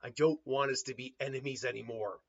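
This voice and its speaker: A man voicing a quiet, earnest young male ninja who speaks softly and low. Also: fairly even intonation, brisk, muffled recording.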